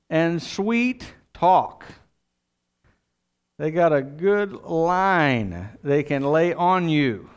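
A man's voice: sits high, clean tone. A middle-aged man preaching a sermon, reading scripture and then explaining it in a conversational way with asides. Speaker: pastor.

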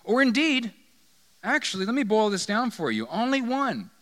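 A man plays a calm, wise teacher who patiently explains what really matters. He sounds gentle and sure, in a slightly higher voice, within a sermon. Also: normal speed.

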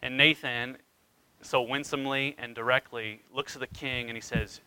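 A pastor delivers his sermon with a sharp, forceful edge to his voice, leaning hard into dramatic retellings. His emphasis rises and falls widely as he drives each point home. The sound is close and dry, with no room around it. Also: mid-range voice, fairly even intonation, moderate pace, smooth, dry recording, poor audio. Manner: dramatic storytelling with wide swings in emphasis.

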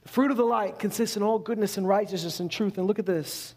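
A man from Canada with a high voice, preaching a sermon. He talks in a conversational, animated way and keeps asking his listeners questions. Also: fast talker. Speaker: pastor.

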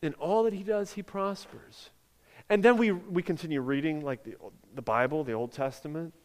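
Guy preaching a sermon, pretty high voice, chatty with lots of "like", big reverb from the hall. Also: moderate pace. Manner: conversational preaching, peppered with "like", rising to emphatic peaks. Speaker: pastor.

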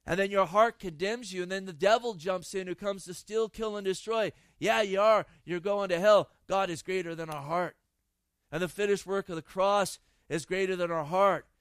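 A man's voice: high-pitched, normal speed, fairly bright tone, clean tone, no room sound. A male pastor preaching an impassioned sermon outdoors in a garden, repeating phrases for emphasis.

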